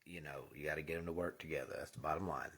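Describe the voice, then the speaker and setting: Deep husky man giving a spiritual talk. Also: fairly even intonation, racing, a bit bright. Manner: earnest, drops to a whisper for emphasis. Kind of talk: casual spiritual monologue.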